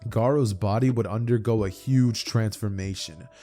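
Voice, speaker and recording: A man's voice: lowish voice, moderate pace, dark tone, faint music behind. A man narrating a fan-made anime story in plain, run-on storytelling. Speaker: YouTube storyteller.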